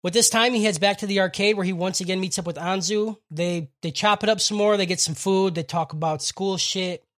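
A man's voice: high-pitched, fairly even intonation, a bit bright. A young man casually recapping an anime episode on a podcast, swearing freely and laughing often. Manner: profane, fast storytelling, laughs often. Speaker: podcast co-host.

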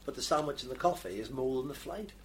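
A man's voice: mid-range voice, animated, fast talker, a little hiss or hum. A man on a radio chat panel, dropping dry, amused asides. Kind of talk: casual studio chat.

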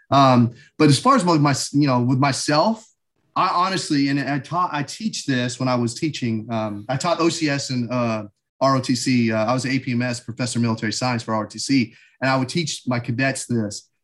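A mid-pitched man speaking as an interview guest. He talks in an upbeat, motivational way, like a coach giving advice. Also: brisk, fairly bright tone. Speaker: guest, former army instructor. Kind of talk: conversational interview.

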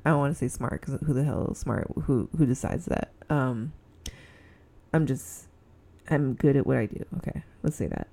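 Low, gravelly Southern Californian woman. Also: expressive, moderate pace, mellow. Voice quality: says her voice sounds snobby. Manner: rambling, giggly, lots of fillers. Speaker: podcast host. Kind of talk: casual solo podcast chat. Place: indoors at home with a heater on.

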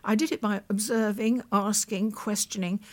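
A British woman in her eighties, a veteran broadcaster, reflects on her past as an interview guest, speaking in a mid-range voice with fairly even intonation at normal speed. Thoughtful, she often restarts sentences and quotes what people said.

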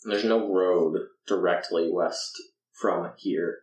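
A man narrating as game master of a tabletop game, laid-back and halting with fillers. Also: low-pitched, fairly even intonation, darkish tone. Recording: echoey room, far from mic.

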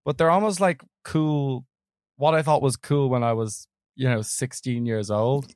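A man's voice: medium pitch, a little slow, darkish tone, no echo, studio quality. A man co-hosting a film podcast, rambling in casual chat and laughing often. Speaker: podcast co-host.

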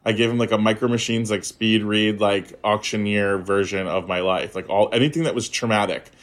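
A young man casually telling a personal story in a chat, animated and acting out the voices of people he quotes. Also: fairly quick. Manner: animated storyteller, acts out quoted voices with big pitch jumps. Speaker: podcast guest.

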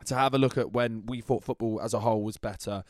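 A man's voice: mid-range voice, steady tone, quick pace, dry recording, studio quality. Hungover man chatting on a podcast. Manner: rambling, laughing, self-correcting. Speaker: podcast co-host. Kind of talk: casual chat. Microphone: handheld mic.

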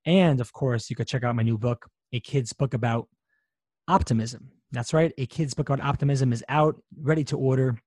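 A man's voice: medium pitch, normal speed, darkish tone, no echo, studio quality. A man hosting a podcast, reading an upbeat, chatty intro and then talking with a guest. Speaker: podcast host.

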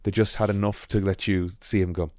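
A man's voice: low voice, flat delivery, a little fast, darkish tone, no room sound. A man co-hosting a podcast in casual chat, rambling with frequent ums and restarts. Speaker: podcast co-host.

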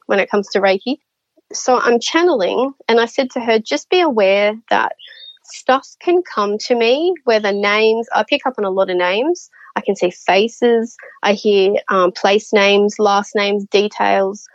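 As a podcast guest, a woman who works as a spiritual medium shares stories in a relaxed, animated way, performing the voices of those involved. Her pitch is fairly high, and the recording is dry with dull audio.

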